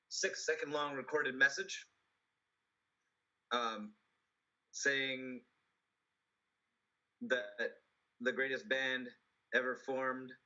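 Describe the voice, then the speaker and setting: Rpg player guy, hesitant, um-ing a lot, really bright sharp voice, muffled lo-fi audio. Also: mid-range voice. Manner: hesitant, lots of ums and likes. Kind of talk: tabletop game play.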